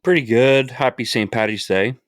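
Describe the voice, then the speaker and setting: A man's voice: medium pitch, moderate pace, no echo, studio quality. A man co-hosting a podcast with the hiccups, chatting in an easygoing, joking way. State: has the hiccups. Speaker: podcast co-host. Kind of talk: casual podcast chat.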